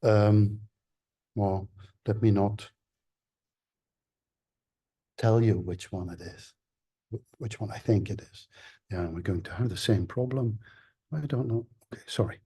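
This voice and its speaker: Male academic lecturer, low mellow voice, hesitant and filler-heavy. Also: a little slow, long pauses, slightly rough. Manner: hesitant, many fillers and restarts. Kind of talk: academic seminar talk.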